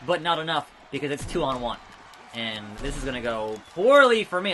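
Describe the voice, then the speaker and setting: A man's voice: medium pitch, sing-song, normal speed, pushed and bright, a little hiss or hum. A man giving chatty, rambling let's play commentary, blurting out move names as he plays a wrestling game. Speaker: gaming video creator.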